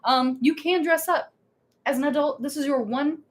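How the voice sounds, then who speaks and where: A woman co-hosting a casual live stream, chatty and animated. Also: high-pitched, moderate pace. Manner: chatty, animated, lots of fillers. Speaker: co-host of a theme park channel.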